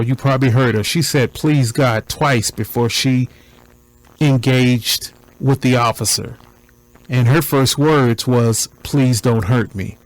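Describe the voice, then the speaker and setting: Deliberate man commenting like a preacher. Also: medium pitch, no room sound, poor audio. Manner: deliberate, preacher-like, repetitive emphasis. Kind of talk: commentary on a recording.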